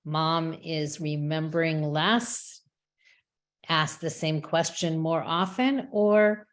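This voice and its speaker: A woman giving a measured, reflective prepared talk as a webinar speaker, with small restarts now and then. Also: low voice, steady tone. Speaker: rabbi and chaplain speaker. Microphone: webinar microphone.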